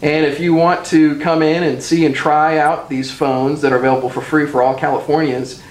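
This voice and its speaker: A man's voice: on the high side, level tone, normal speed, roomy sound. A man co-hosting a TV show, adding details and announcements for viewers in an informative way. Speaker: co-host.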